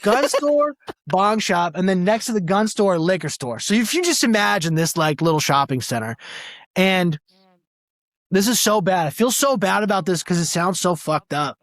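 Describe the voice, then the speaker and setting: A male stand-up comedian telling a story on a podcast, animated and profane, acting out the people in it. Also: high-pitched, normal speed, no room sound. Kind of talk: casual storytelling. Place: podcast studio.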